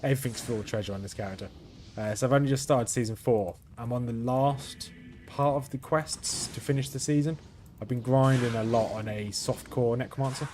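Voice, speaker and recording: A man with a flat, monotone delivery giving casual gameplay commentary as the channel's host, rambling, correcting himself and chuckling now and then. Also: medium pitch. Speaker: gaming video host.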